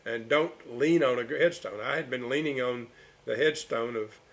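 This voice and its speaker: A middle-aged man, telling rambling, animated anecdotes in an interview. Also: mid-range voice, moderate pace. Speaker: interviewee, local storyteller. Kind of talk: casual storytelling interview.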